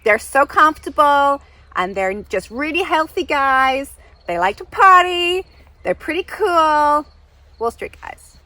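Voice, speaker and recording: A woman's voice: high voice, animated, a little slow, bright, forceful tone, no echo, voice pushed up, exaggerated voice. An Englishwoman putting on a brash American lady. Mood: boastful. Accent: put-on American. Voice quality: brash, pushy, repeats the listener's name. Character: brash loud American woman, economy-obsessed and over-caffeinated. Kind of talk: comedy improv podcast bit.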